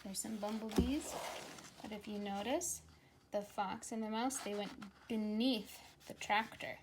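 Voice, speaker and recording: A woman teacher reading a picture book aloud to young children, gently coaxing them to repeat animal sounds. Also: medium pitch, a little slow, a little hiss or hum.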